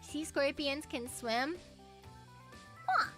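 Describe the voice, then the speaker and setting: A woman's voice: fairly high pitch, expressive, normal speed, fairly bright tone, soft background music. A young woman streaming as a VTuber, chatting casually with her viewers, swearing freely and grumbling in a mock-dramatic way.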